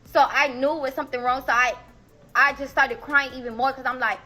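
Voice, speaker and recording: A woman's voice: high-pitched, fairly even intonation, a little fast, bright, forceful tone, rough recording. A young woman telling a dramatic personal story in a casual vlog, emotional and repetitive, speaking straight to her viewers.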